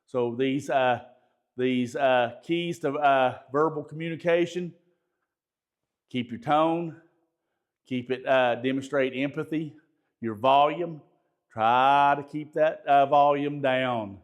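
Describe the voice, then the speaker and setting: A pastor giving a conversational training talk, folksy, repeating words and asking the audience questions. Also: male voice, medium pitch, takes it slowly, lo-fi sound.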